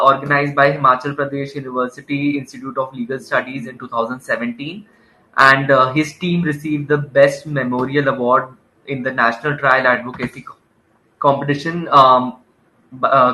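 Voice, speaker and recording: A man hosts an online session over a video call, speaking politely with frequent fillers. His voice is bright and forceful, and his intonation stays fairly flat. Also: medium pitch, poor audio. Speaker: webinar moderator. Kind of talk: introducing a speaker and filling time on a webinar.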